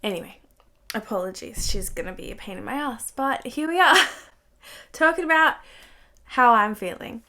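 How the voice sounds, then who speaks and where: A young woman chatting casually to camera in her bedroom as a beauty vlogger, sounding congested and croaky from illness and filling her talk with "like". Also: on the high side, animated, moderate pace, long pauses, sharp tone. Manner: chatty, fills speech with "like".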